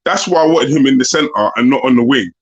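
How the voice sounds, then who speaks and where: A man's voice: medium pitch, lively intonation, fast talker. A man explaining his views emphatically as a panelist, heard over a dull lo-fi remote mic. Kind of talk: casual chat.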